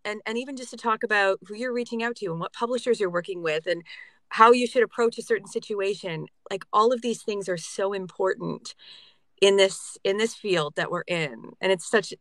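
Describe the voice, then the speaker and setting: A woman voice actor from Canada, chatting earnestly on a panel, animated and quick to laugh. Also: medium pitch, no echo. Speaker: voice actor, guest. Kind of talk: casual panel chat.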